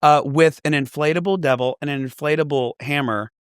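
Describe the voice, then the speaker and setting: A man's voice: a little high, brisk, clear, resonant tone, no echo, clean studio sound. A man guesting on a podcast, telling a story in casual chat and acting out the voices of the people he quotes. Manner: animated storyteller who acts out quoted voices.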